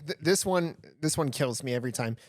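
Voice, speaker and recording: Animated man telling a story, dry sound. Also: on the high side, fairly quick, no echo. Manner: animated, stammering restarts, swearing. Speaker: podcast co-host. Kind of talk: casual chat, storytelling.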